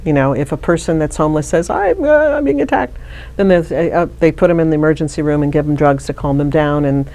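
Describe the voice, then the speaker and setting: Speaking fast with few pauses, this middle-aged woman has a low, mellow voice and a flat delivery. She's a guest in a casual interview conversation, chatting through a personal story and often starting over mid-thought.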